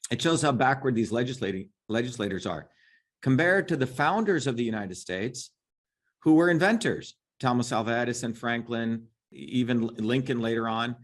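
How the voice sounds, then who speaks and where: Man, middle-aged, interview guest, emphatic, combative, mid-pitched voice. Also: animated, normal speed. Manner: emphatic, combative, repeats "right?". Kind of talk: impassioned interview talk.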